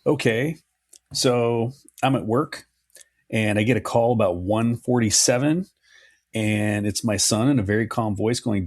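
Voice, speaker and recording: A middle-aged man co-hosting a podcast, telling a long story in a relaxed, chatty way and swearing now and then. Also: on the low side, unhurried, no room sound, clean studio sound. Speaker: podcast co-host. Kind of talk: casual podcast chat.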